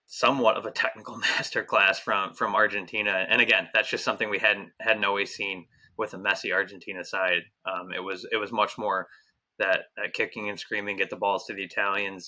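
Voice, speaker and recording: Bright-toned man talking soccer tactics. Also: lowish voice. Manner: rambling, frequent restarts and fillers. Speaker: podcast co-host. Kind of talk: casual soccer analysis chat.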